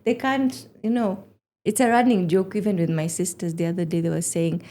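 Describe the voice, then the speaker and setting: A woman's voice: fairly low pitch, fairly quick. Woman in her forties telling stories. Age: 40s. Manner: animated storyteller, acts out quotes. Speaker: podcast guest. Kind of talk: casual chat.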